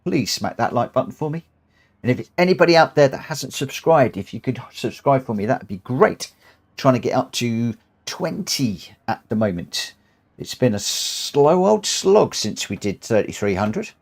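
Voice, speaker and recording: A middle-aged man hosting a racing game live stream, chatting in a relaxed, rambling way and often repeating his phrases. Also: medium pitch, normal speed.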